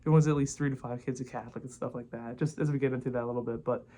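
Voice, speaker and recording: Twenty-something guy ranting to camera, talks quick, rambly and blunt, swears a lot. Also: medium pitch, fairly even intonation, warm tone. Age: 20s. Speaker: vlogger. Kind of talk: casual rant to camera.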